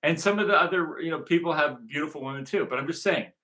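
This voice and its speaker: A man's voice: on the high side, fast talker, bright, forceful tone. A man from Southern California giving a rambling, repetitive recruitment monologue, circling back to the same points. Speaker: movement organizer.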